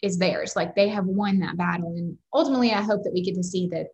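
A woman co-hosting a faith-based podcast, talking in a warmly affirming, reflective way. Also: fairly low pitch, quick pace, lo-fi sound. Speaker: podcast co-host. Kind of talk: faith-based casual chat.

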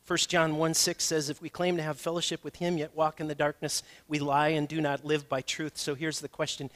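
A man's voice: on the high side, level tone, a little fast, few pauses, fairly bright tone. A male pastor preaching a conversational sermon, building to emphatic questions.

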